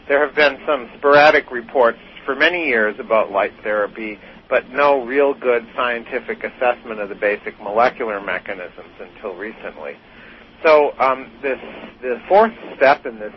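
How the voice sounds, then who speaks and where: A man's voice: medium pitch, lo-fi sound, slight background noise. A man speaking as an expert guest on a talk show, explaining science patiently with simple analogies. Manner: patient explainer, uses analogies, some fillers. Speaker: guest expert, physician researcher. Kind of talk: explanatory interview answers.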